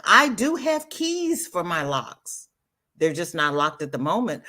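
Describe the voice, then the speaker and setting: A woman's voice: sits high, very animated, unhurried, pushed and bright. An older woman hosting a live crochet stream, chatting casually with viewers in a sassy, emphatic way, often repeating herself. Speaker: livestream host.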